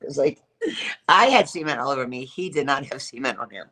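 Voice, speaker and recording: A woman's voice: rumbling low, big pitch swings, fairly quick, pushed and bright, slightly rough. A middle-aged woman telling a personal story to her live chat, emphatic, repetitive and profane, laughing as she goes. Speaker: livestreamer.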